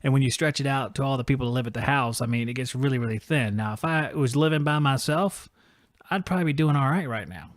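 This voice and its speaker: A man's voice: mid-range voice, fast, dry recording, studio quality. A man hosting a live podcast, chatting casually in a rambling, joking, self-deprecating way. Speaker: podcast host. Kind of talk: casual livestream chat.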